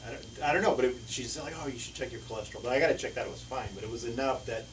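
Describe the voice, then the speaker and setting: A man's voice: mid-range voice, rapid-fire. A man in the audience answering the comedian, stammering and unsure. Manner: hesitant, stammering. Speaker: audience member. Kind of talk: casual reply from the crowd. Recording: distant, faint room noise.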